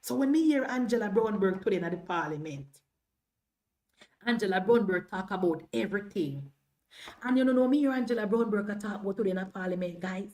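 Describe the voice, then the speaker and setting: A woman's voice: medium pitch, animated, brisk, darkish tone. A Jamaican woman in her thirties giving impassioned political commentary on a livestream, slipping into patois as she talks. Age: 30s. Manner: impassioned, mixes patois into speech.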